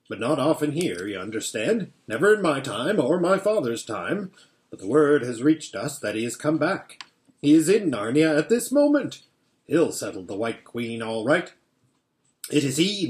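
A man reading aloud and voicing a homely, earnest male beaver with a folksy, emphatic way of talking. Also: on the high side.

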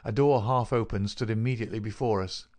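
A man narrating a classic detective story as an audiobook, measured and even. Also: lowish voice. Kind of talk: scripted narration.

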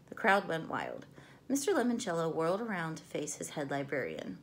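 A woman's voice: low-pitched, big pitch swings, moderate pace. Woman reading a story to kids. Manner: gentle, clear read-aloud to children. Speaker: teacher reading aloud. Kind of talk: storybook read-aloud.

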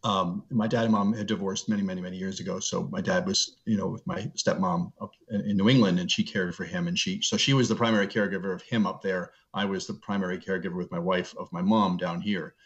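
Over a video call that leaves his voice dull and lo-fi, a middle-aged seminary professor with a low pitch is interviewed as a guest. He recounts personal stories earnestly and reflectively, with fairly even intonation, slowing down when he wants to stress something.

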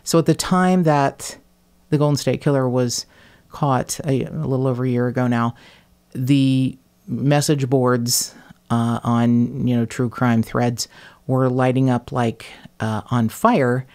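A woman hosts a podcast in loose, casual chat. She talks in an animated, blunt way, swears freely and laughs between her words. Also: very deep voice, a little slow. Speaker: podcast host.

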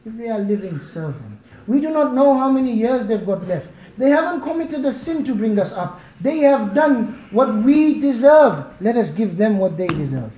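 A man from Malawi delivering an emotional Friday sermon, impassioned and pleading, at times near shouting. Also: very high voice. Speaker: preacher. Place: mosque. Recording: echoey mosque hall.

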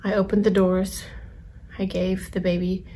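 Soft, halting young woman telling a story. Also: medium pitch, level tone, a little hiss or hum. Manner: soft-spoken, halting, drifting into whispers. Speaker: vlogger. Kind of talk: personal storytelling.

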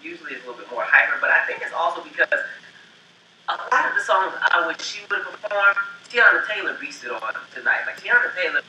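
A man co-hosting a casual review chat, easygoing and upbeat with relaxed slang. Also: fairly high pitch, fast talker. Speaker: co-host reviewing a TV special. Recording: distant echoey lo-fi mic, faint noise.

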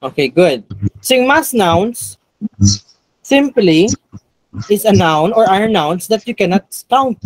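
A man's voice: sits high, lively intonation, takes it slowly, pauses often, no room sound, low-quality recording. Filipino male teacher quizzing a class. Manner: quizzing a class, mixing in Tagalog. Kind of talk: classroom review lecture.

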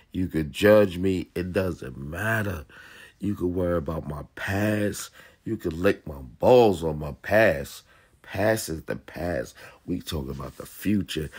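Gruff, profane man ranting about dogs. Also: low voice, a little mellow, no echo. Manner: blunt, profane, street slang. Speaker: dog channel host. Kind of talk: casual commentary reacting to a video.

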